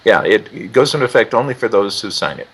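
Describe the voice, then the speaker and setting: A man explaining church news in a measured, explanatory way. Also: fairly low pitch, animated, a bit bright, slightly rough, rough recording. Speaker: news commentator. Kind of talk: news analysis.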